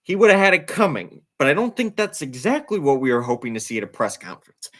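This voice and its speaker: Animated man hosting a sports chat. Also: mid-range voice, fast talker. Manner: animated, incredulous, emphatic. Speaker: podcast host.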